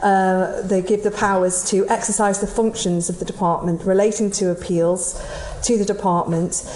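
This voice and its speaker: A woman's voice: mid-range voice, fairly even intonation, moderate pace, warm tone, reverberant, slight background noise, rough recording. A woman putting a formal, pressing question in parliament. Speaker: member of parliament asking a question.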